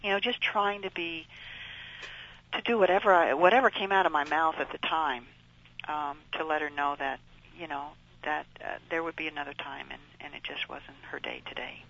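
A woman's voice: low voice, normal speed, fairly bright tone, highs cut off. A middle-aged woman, a guest and the mother of child actors, telling her story in an earnest, rambling way with many fillers. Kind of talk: storytelling in conversation.

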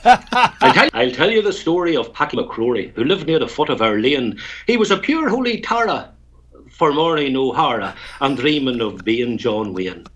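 A man's voice: mid-range voice, very animated, moderate pace, a bit bright. A man from Tyrone with a Northern Irish accent, a guest poet who tells stories and recites a rhymed poem, chuckling between lines. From Tyrone, Northern Ireland.

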